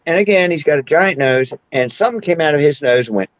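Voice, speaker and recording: A man's voice: on the high side, expressive, quick pace, no echo, dull audio. A man in his sixties, hosting a casual chat and telling rambling stories with frequent laughs. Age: 60s. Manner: rambling storyteller, laughs often. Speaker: podcast host.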